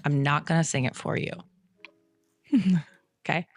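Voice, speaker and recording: A woman's voice: deep voice, measured pace, dry recording. A woman around forty co-hosting a podcast in casual, enthusiastic chat, laughing often. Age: about 40. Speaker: podcast co-host.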